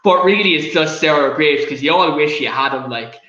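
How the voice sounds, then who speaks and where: A man's voice: fairly high pitch, normal speed, sharp tone, reverberant, highs cut off. An Irish man hosting a casual football chat show, who rants with passion and breaks into giggles. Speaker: podcast host.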